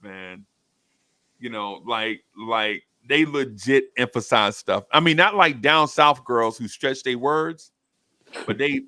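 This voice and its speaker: Male stream host, slangy and laughing, animated, dry close recording. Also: medium pitch, no echo. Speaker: show host reading viewer comments. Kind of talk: casual live-stream chat.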